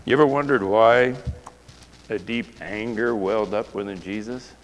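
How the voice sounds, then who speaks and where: A man's voice: on the low side, normal speed, slight background noise. A male pastor preaching a sermon with passion, throwing rhetorical questions at the congregation. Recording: long reverb of a large hall.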